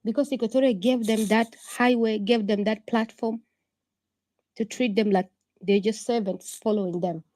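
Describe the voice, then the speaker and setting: A woman's voice: on the high side, steady tone, moderate pace, darkish tone, no echo. A woman giving an urgent political speech to an online room, full of rhetorical questions and repetition. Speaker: political activist addressing an online audience.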